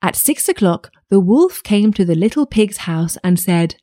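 A woman reads a fairy tale aloud, with a lively, swinging melody. Her voice is close and dry, with no room sound. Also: medium pitch, moderate pace, dry recording. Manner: lively, expressive storytelling. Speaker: storyteller.

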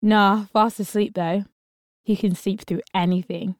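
A woman's voice: medium pitch, fairly even intonation, unhurried, a little mellow, dry recording, clean studio sound, close to an everyday voice. A woman doing a wry, teasing young woman.

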